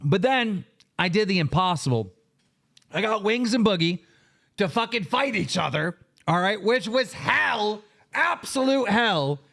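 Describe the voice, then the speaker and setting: A man's voice: high-pitched, expressive, a little slow, vocal fry, a bit bright. A man hosting a livestream, ranting angrily and cursing heavily as he tells his side of a story. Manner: profane, heated, emphatic. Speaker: livestream show host. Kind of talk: angry livestream rant.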